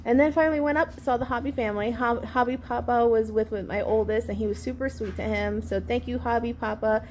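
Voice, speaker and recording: A woman in her thirties, a vlogger telling a sassy, animated storytime about an outing with her kids. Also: on the high side, fairly quick, a little hiss or hum. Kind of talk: storytime vlog.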